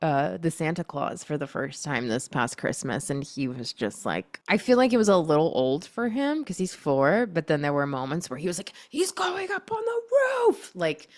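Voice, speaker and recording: A young woman with a low-pitched voice hosts a relaxed podcast chat. She is talkative and laughs easily. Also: moderate pace, few pauses. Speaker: podcast host. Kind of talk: casual chat.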